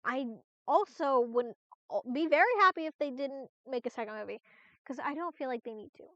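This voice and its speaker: Rambling higher-voiced woman streamer. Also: brisk, fairly bright tone, no echo. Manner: rambling, many restarts and fillers, casual swearing. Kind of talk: casual live-stream chat. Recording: dull, lo-fi, dry stream audio.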